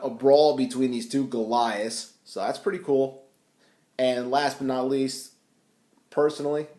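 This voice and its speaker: Male comic reviewer, casual and animated, middle voice, roomy echo. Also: mid-range voice. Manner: animated retelling, voicing characters. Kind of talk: casual chat.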